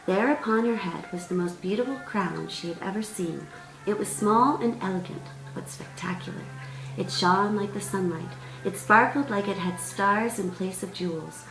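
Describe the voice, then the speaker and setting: A woman author reading aloud from her own storybook in a gentle, measured way. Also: medium pitch. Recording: roomy sound, distant mic, faint music.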